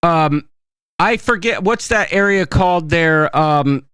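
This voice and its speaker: A man's voice: on the high side, slow pace, fairly bright tone, smooth, no room sound. A man hosting a casual podcast, telling rambling stories with many fillers. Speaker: podcast host. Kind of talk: casual chat.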